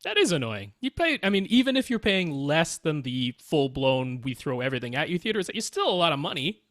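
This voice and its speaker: A man co-hosts a podcast in a slightly raised voice. He speaks with an easygoing, agreeable manner and a lively tone. The sound is dry and close on a studio mic. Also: a little high, a little fast, dry recording. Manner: easygoing, agreeable, laughs along. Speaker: podcast co-host. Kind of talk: casual podcast chat.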